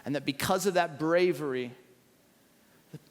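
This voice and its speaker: A man pastor preaching a sermon, retelling a scripture story in an animated way with acted quotes. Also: a little high, normal speed. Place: church auditorium. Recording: echoey large hall.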